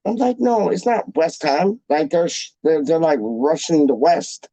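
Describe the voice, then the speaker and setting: A man's voice: fairly high pitch, big pitch swings, moderate pace, warm tone, no echo, rough recording. A young man hosting a fan channel, chatting casually to viewers in a rambling, slangy way that repeats itself.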